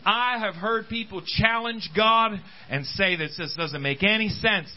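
A man's voice: high-pitched, a little slow, highs cut off. A man preaching a sermon at a church service, calling out to the congregation. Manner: animated preaching, calls out to congregation. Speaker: pastor.

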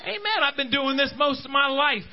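A man's voice: very high voice, normal speed, highs cut off. A man preaching a sermon at a church service, calling out to the congregation. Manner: animated preaching, calls out to congregation. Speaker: pastor.

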